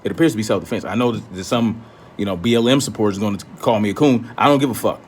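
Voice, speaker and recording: A man's voice: fairly low pitch, quick pace, slightly rough. A man giving a blunt, profane, confrontational commentary, often repeating himself for emphasis. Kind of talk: ranting commentary.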